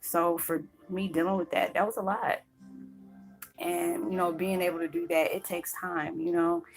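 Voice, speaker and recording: A woman's voice: lowish voice, flat delivery, moderate pace, rough recording. A woman vlogger talking earnestly about her spiritual path, rambling with many fillers and close to tears. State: choked up, near tears. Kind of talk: emotional personal talk to camera. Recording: faint background music.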